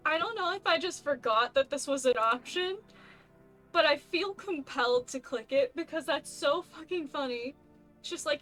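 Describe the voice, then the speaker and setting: Chatty woman streamer, fairly high voice. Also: animated, moderate pace, a bit bright, faint music behind. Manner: chatty, self-amused, laughs a lot. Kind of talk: casual let's-play commentary.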